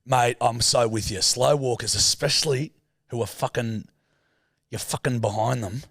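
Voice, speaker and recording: A young Australian man co-hosting a podcast, telling sweary, animated stories in casual banter. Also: mid-range voice, moderate pace, no room sound, studio quality. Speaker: podcast co-host.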